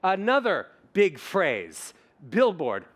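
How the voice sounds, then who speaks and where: Middle-aged male voice coach on stage, high-pitched and very lively, performs his examples and quizzes the crowd. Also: slow pace. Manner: theatrical, demonstrates voices, asks audience questions. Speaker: voice coach giving a keynote talk. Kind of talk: animated conference keynote.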